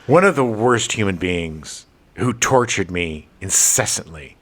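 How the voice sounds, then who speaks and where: A middle-aged man co-hosting a podcast, telling stories in casual chat with an expressive, laughing delivery. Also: low-pitched, measured pace. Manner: animated, expressive, laughing storyteller. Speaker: podcast co-host.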